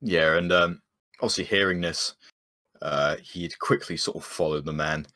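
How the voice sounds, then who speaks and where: A man playing a tabletop game, narrating his character's actions in a relaxed way with frequent uhs. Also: sits low, normal speed, dry recording. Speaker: player.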